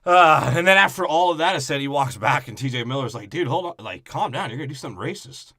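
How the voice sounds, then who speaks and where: A man's voice: medium pitch, expressive, quick pace, bright, forceful tone, no room sound, studio quality. A man co-hosting a comedy movie podcast, riffing crudely and slipping into character voices. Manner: riffs with put-on character voices. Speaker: podcast co-host.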